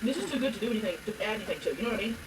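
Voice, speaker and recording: A man's voice: sits high, expressive, racing. A man with a Southern US accent chatting bluntly while eating, humming between bites and swearing casually. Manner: blunt, swearing, lots of chewing hums. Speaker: food vlogger. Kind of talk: casual mukbang chat. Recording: roomy, distant mic, background noise.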